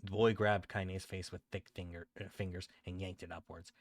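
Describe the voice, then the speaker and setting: A man reading a dark story aloud on a stream, often stumbling and correcting himself. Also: deep voice, little pitch movement, normal speed, no room sound, studio quality. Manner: frequent stumbles and self-corrections.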